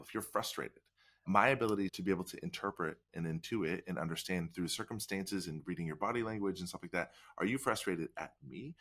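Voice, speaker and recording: Male guest expert, very low voice, quick delivery, energetic interview explainer. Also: breathy edge. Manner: energetic, talks in long explaining runs with frequent "like" and "right?". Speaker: guest expert on workplace culture.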